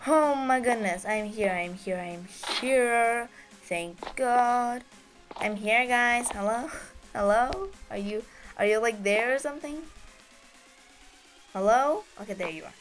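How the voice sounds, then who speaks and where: A woman giving casual, excitable gameplay commentary as host of her gaming channel, giggling and squealing with delight. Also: on the high side, slow pace, soft background music.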